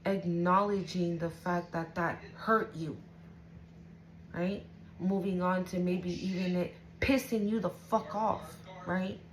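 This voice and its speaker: A woman's voice: lowish voice, steady tone, slow pace, a little hiss or hum, low-quality recording. A woman giving an intuitive tarot reading to her viewers, casual and emotional, swearing freely and often checking in with "right?". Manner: casual, profane, emotional, keeps asking "right?". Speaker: tarot reader.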